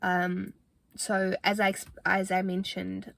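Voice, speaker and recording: A woman's voice: mid-range voice, completely flat delivery, slow, creaky, a bit bright, dry recording. A young woman talking to camera in a casual fitness vlog, earnest and motivational, chatty with fillers, a little out of breath. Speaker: fitness vlogger.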